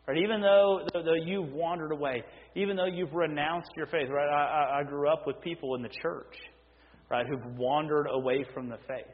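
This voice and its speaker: A male pastor preaching a sermon in an animated, conversational way, often tagging his sentences with "right?" to check in with his listeners. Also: fairly high pitch, moderate pace. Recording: dull lo-fi recording in a reverberant hall.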